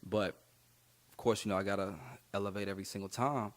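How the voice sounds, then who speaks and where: Young adult male rapper, lowish voice, casual rambling interview storyteller. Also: steady tone, a little fast. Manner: laid-back, slangy, rambling with many fillers. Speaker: rapper guest.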